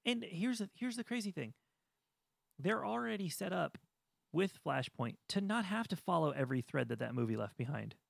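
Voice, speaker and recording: Gravelly, ranting podcast man. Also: sits high, normal speed, no room sound. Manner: animated, ranting, mocks studio execs in voiced asides. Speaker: podcast co-host. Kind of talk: casual chat.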